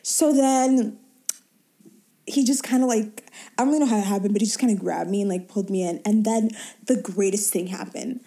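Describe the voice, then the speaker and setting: A woman's voice: medium pitch, brisk, warm tone. A young woman co-hosting a podcast, telling a story in casual chat with lots of laughing. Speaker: podcast co-host.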